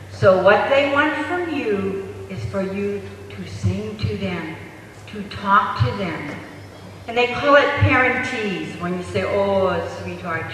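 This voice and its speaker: A man giving a parenting lecture to an audience, telling stories slowly and asking the room rhetorical questions, recorded in an echoey hall from far off. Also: sits high, bright, forceful tone. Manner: slow, storytelling delivery with rhetorical questions to the audience. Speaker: parenting speaker. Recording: echoey hall, voice far from mic, faint noise.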